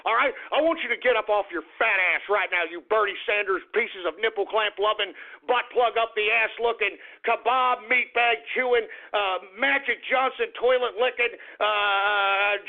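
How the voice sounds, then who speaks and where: Ranting high-voiced radio host, man. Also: moderate pace, few pauses. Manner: abrasive, profane, shouting insults. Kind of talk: ranting radio talk show. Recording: phone-like lo-fi radio sound.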